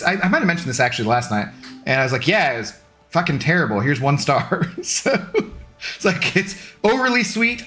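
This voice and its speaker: A man's voice: on the high side, fairly bright tone, a little hiss or hum. A young adult man streaming, chatting casually with viewers in a rambling, easygoing, self-deprecating way. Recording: faint music underneath.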